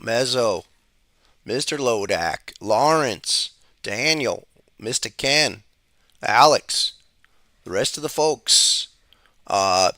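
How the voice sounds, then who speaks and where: A man's voice: mid-range voice, bright, forceful tone, dry recording, clean studio sound. A man hosting a live podcast from the road with a strained voice, chatting folksy with his viewers about markets. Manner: folksy, greets chat by name. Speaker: podcast host. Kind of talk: casual live-stream market talk. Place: outdoors, on the road.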